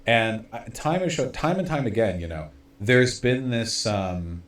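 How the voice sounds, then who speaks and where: A man's voice: mid-range voice, expressive, unhurried, echoey room. A man streaming political commentary, rambling and sardonic, with many fillers and restarts.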